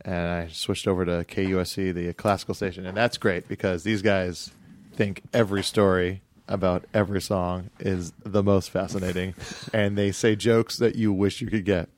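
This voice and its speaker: A man's voice: low voice, flat delivery, normal speed, a little mellow. A man co-hosting a comedy podcast in a studio, riffing in a playful mock-serious way. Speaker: podcast co-host.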